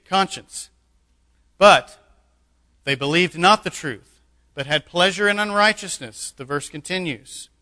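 A man's voice: fairly high pitch, bright, forceful tone. A man preaching a sermon as pastor, emphatic, with joking asides. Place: church sanctuary. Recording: echoey hall.

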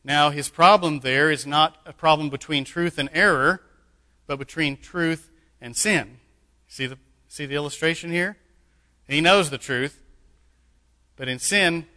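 A man's voice: fairly high pitch, pushed and bright. A man preaching a sermon as pastor, emphatic, with joking asides. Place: church sanctuary. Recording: echoey hall.

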